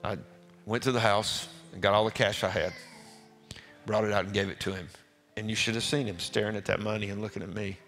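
A man, a pastor, tells a folksy testimony to his congregation, animated and stumbling over repeated words. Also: on the low side, a little fast. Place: church sanctuary. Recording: reverberant hall with faint music.

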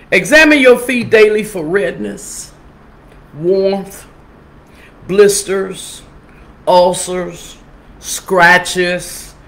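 A middle-aged woman pastor hosting a casual live-streamed health talk, reading advice aloud and earnestly urging her viewers. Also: fairly low pitch. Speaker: pastor and health show host.

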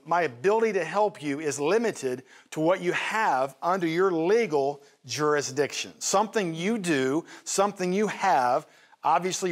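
A man, a pastor co-hosting a TV talk show, teaching from the Bible in a folksy, emphatic way and turning to his wife with asides. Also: high-pitched.

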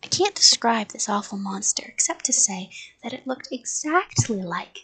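A woman reading a spooky storybook aloud, hushed and often slipping into whispers, pausing to ask her listeners whether to go on. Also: on the high side, expressive, husky, low-quality recording. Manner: chats with listeners between parts.

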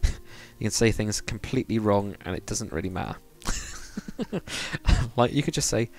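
A man's voice: on the low side, expressive, unhurried, gravelly, darkish tone, soft background music. A man chatting casually with viewers during a game livestream, rambling and laughing often. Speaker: streamer. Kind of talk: casual livestream chat while building in a game.

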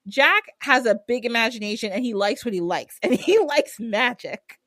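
A woman's voice: fairly high pitch, lively intonation, normal speed, fairly bright tone, dry recording, studio quality. Profane laughing woman host. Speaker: podcast host. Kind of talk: casual storytelling.

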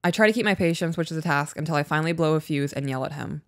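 A woman's voice: deep voice, rapid-fire, no room sound, clean studio sound. A woman co-hosting a podcast in casual chat, frank and swearing freely as she tells stories. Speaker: podcast co-host.

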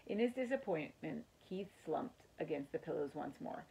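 A woman reads a children's book aloud like a teacher, telling it expressively for young listeners. Her voice is low and husky, with a gravelly edge. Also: normal speed, few pauses, rough recording. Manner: expressive storytelling, addresses children. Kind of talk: children's story read-aloud.

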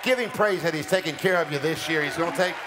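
A man preaching a sermon as pastor, calling out declarations for the congregation to repeat and rising to shouts, in a church sanctuary with music behind him. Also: fairly high pitch, quick pace, heavy background noise. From United States. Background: music playing under the preaching.

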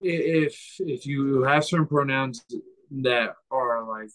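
A man who is a fighter, a guest on a casual podcast, who talks slowly and searches for his words. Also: medium pitch, a bit bright, rough recording.

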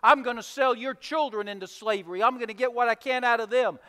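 A man voicing a stern, demanding king who rattles off threats in rapid bursts, with long hall reverb. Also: very high voice, pushed and bright, smooth. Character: stern demanding wealthy king, male, adult.

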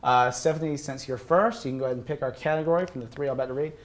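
A man's voice: medium pitch, racing. A young man hosting a casual college game show, playful and jokey, often laughing.

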